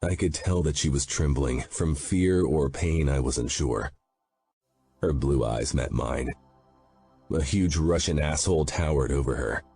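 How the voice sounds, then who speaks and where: A man's voice: rumbling low, unhurried, gravelly, warm tone, breathy edge. A man reading a romance audiobook aloud, narrating in first person with a grim, brooding delivery. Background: faint background music.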